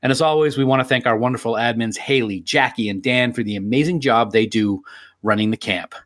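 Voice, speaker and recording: A man's voice: medium pitch, a bit bright. Playful man co-hosting a podcast. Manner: playful, reads promos briskly. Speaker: podcast co-host. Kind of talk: casual podcast banter.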